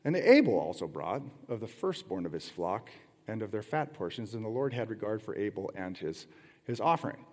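A man's voice: fairly low pitch, sing-song, moderate pace, darkish tone. A middle-aged man preaching a sermon in a conversational way, with rhetorical questions and playful asides. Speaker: pastor. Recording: long hall reverb.

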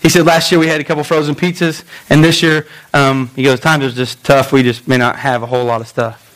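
A man pastor preaching a sermon in a lively storytelling way, acting out voices and making quick asides. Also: medium pitch, low-quality recording.

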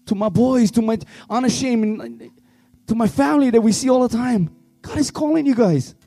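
Worship leader, man, high mellow voice, fervent and pleading, dry close sound. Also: moderate pace, no echo, soft background music. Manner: fervent, pleading, swings between shouting and hushed tones. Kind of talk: impassioned youth revival sermon.

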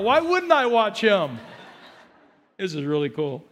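A middle-aged man preaching a sermon as pastor, animated, shifting from quiet asides to loud emphatic lines. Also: sits high, unhurried.

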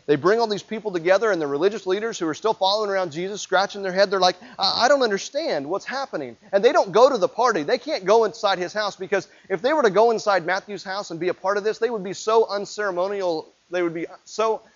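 A male preacher tells his sermon like a story, in a conversational way, and keeps asking his listeners questions. His voice is high for a man. The recording sounds dull and lo-fi. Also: fast talker, few pauses. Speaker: pastor.

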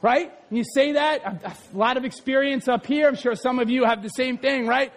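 A man preaching a sermon with passion, often shouting and asking his congregation questions. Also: very high-pitched, brisk. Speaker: pastor.

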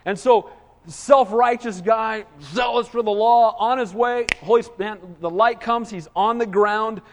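A man preaching a sermon in a church, animated, with frequent call-and-response. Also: sits high, unhurried, slight background noise. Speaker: pastor. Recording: long hall reverb.

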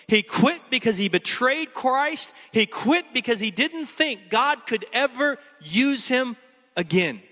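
Bright-voiced pastor guy, emphatic sermon, keeps repeating lines. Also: very high voice, lively intonation, takes it slowly, big-room sound. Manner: emphatic, repeating key phrases.

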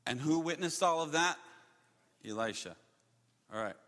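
A man preaching a sermon, telling the story with animated delivery, chuckles and acted-out quotes. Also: fairly high pitch, normal speed. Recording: long hall reverb.

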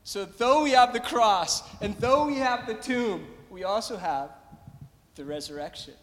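Slow, high-voiced preacher in a reverberant hall. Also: male voice, expressive. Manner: emphatic, repeating phrases and calling out to the congregation. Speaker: pastor. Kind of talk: sermon.

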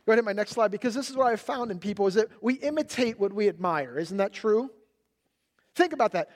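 A middle-aged man preaches a sermon in a fairly high voice. He tells family stories with lots of energy and loudly acts out his toddler's excited shouts. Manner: animated storytelling, acting out his toddler's shouts. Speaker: pastor.

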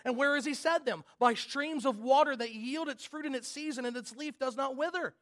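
A man preaching a sermon as a pastor, earnest, moving from loud emphasis to quiet intensity. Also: very high voice, moderate pace, hardly any pauses.

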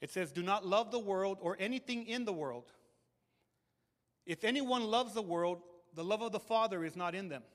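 High-voiced preacher man in a reverberant hall. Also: normal speed. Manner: animated, emphatic preaching with repeated words. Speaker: pastor. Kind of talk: sermon. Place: church hall with audience. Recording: long reverb of a large hall.

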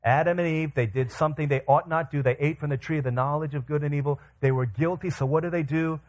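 A man's voice: a little high, fast talker. A man in his thirties preaching a sermon, telling stories and acting out the quotes. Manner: animated storytelling with quoted voices. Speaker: pastor.

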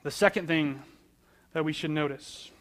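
A man's voice: a little high, normal speed, a bit bright. A man preaching a sermon in a conversational way, asking questions and answering them, repeating phrases for emphasis. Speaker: pastor.

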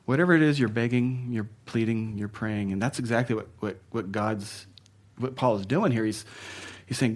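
A man preaching a sermon as pastor, talking conversationally and chuckling at his own asides, moving between loud emphasis and soft, hushed passages. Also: mid-range voice, moderate pace.

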